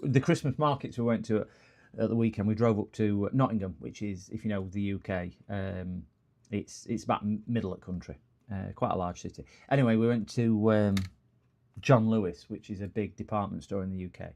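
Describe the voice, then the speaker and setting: A man's voice: lowish voice, fairly even intonation, brisk, creaky, darkish tone. A man with a northern English accent, chatting casually on a live repair stream and rambling off into long stories. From northern England. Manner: rambling, digressive storyteller.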